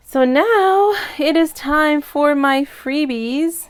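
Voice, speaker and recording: Her voice is high and expressive, and she takes things slowly, with hardly any pauses. She's an American budget vlogger, emotional and grateful, chatting casually while on the verge of tears.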